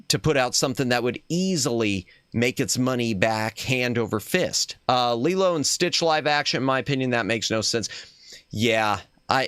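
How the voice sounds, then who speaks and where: A man at middle pitch hosts a casual chat stream, wandering from point to point with strong opinions. He often trails off, restarts his sentences and circles back. The sound is dry and close, with no room echo. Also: a bit bright, clean tone. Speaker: streamer host.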